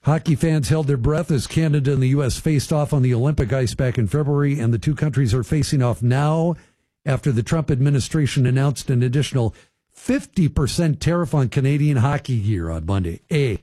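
Chatty radio host, dark husky voice. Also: male voice, mid-range voice, fairly quick, no room sound. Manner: chatty, folksy asides to listeners. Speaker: radio talk show host. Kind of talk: casual radio talk commentary. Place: radio studio.

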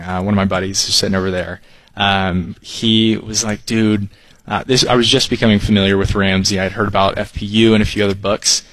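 Earnest young man, deep voice. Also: fairly bright tone, no room sound, poor audio. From Texas. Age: 20s. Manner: earnest, polite, many ums. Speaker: guest, copywriter. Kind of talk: casual interview answers.

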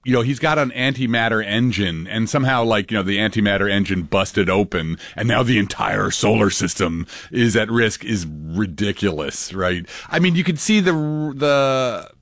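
A male scientist guest talking in an animated, halting way, full of restarts, in a casual interview. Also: fairly low pitch, no room sound, clean studio sound. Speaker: scientist guest, film script consultant.

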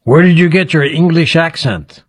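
A man's voice: a little high, moderate pace, husky, dry recording, clean studio sound. A man hosting a radio talk show, teasingly quizzing a mystery guest. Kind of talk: playful radio interview.

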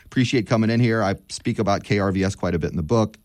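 Male radio guest, deep and dry, chatty and self-deprecating. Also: very fast, darkish tone, dry recording. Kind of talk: radio interview conversation. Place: radio studio.

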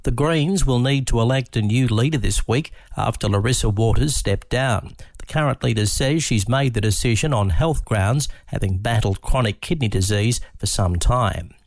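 A man reading radio news headlines in a measured, formal delivery. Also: mid-range voice, no room sound, clean studio sound. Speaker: radio newsreader.

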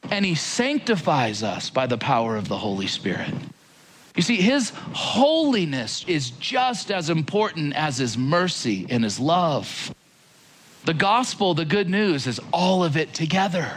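A man's voice: high-pitched, a little hiss or hum. A man teaching from the Bible in a casual sermon style, talking straight to his listeners in a conversational way. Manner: animated, conversational, addresses listeners directly.

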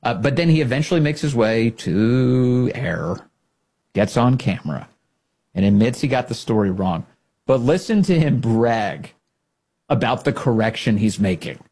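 A male host mocks his targets in a casual, sarcastic commentary. His voice is husky and a little breathy, pitched in the middle for a man. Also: expressive, normal speed, a little mellow. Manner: sarcastic, mocking.

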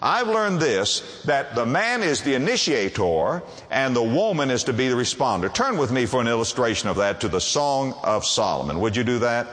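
A man preaching a sermon to a congregation, emphatic and quick to ask them rhetorical questions. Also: mid-range voice, sing-song, fairly bright tone, long reverb tail.

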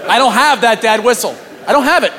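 A man in his thirties doing a crude, animated stand-up set, acting out voices. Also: extremely high pitch, fairly quick. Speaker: stand-up comedian. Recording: live club audio with crowd noise. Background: laughing audience.

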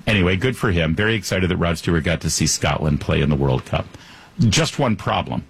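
A male radio host riffs through a sarcastic, joking monologue with wide swings in pitch. His voice sits on the low side and has a husky edge. The studio microphone sound is close and dry. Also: animated, moderate pace, dry recording. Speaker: radio talk show host.

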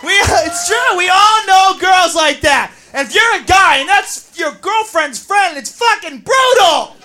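A woman's voice: extremely high pitch, expressive, a little slow, pushed and bright, a faint crowd. A woman doing stand-up comedy, brash and punchy, swearing freely.

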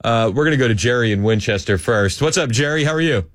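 A man's voice: mid-range voice, expressive, fast talker, no room sound, studio quality. A man, hosting a talk radio show in a chatty, joking way with frequent laughter.

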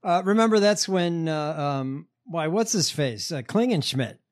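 Halting, wry podcast host man. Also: a little high, expressive. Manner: halting, many fillers, wry. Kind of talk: casual chat.

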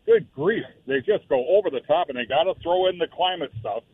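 A man calling in to a talk radio show as a regular, exasperated and animated. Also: on the high side, a little fast, slightly rough, no room sound. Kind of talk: talk radio chat over the phone. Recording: tinny phone line, dry.

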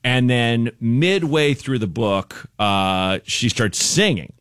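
A man guest on a radio show telling a long, rambling comic anecdote with quick asides. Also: medium pitch, a bit bright, clear, resonant tone, no echo, clean studio sound. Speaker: guest comedian.

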